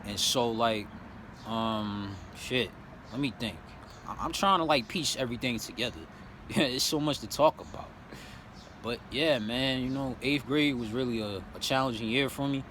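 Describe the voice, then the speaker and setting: A man's voice: mid-range voice, moderate pace, slight background noise. A young man vlogging his life story, blunt and profane, often dropping "you know what I'm saying" and turning heated as he relives his anger. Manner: grows heated and loud when reliving anger. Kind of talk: candid personal storytelling.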